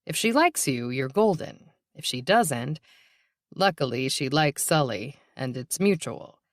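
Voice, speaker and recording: A woman narrating a novel in a measured, even reading. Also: extremely low pitch, no room sound, clean studio sound. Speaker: audiobook narrator. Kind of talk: scripted narration.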